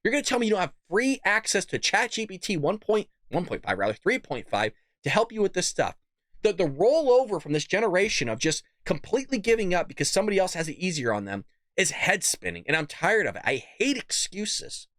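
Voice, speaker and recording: A man's voice: high-pitched, big pitch swings, fairly quick, fairly bright tone, no room sound, clean studio sound. A man hosting a political commentary show, ranting bluntly and cussing. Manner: blunt, fired-up, cusses. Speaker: host.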